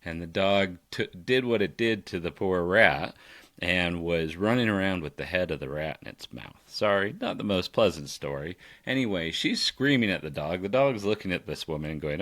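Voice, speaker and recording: A man, a dog trainer, talking casually on a podcast and telling animated stories with frequent laughs. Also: low voice, moderate pace. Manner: animated storyteller, laughs often.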